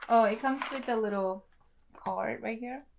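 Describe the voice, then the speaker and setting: Excited young woman unboxing. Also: fairly high pitch, measured pace, creaky, slight background noise. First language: Tetum. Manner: excited, gushing, lots of laughs. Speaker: beauty vlogger. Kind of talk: casual unboxing vlog.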